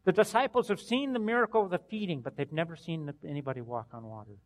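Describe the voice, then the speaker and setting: A pastor delivering a sermon, his voice sitting a little high for a man. He preaches earnestly, rising to loud bursts and falling to hushed endings. The sound carries a long reverb, as in a church hall. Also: quick pace.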